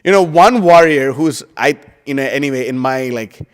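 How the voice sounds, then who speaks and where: A man giving a casual scripture class, rambling and animated, with lots of "you know" and "like". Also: medium pitch, moderate pace, clean tone. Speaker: devotional class speaker. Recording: long hall reverb.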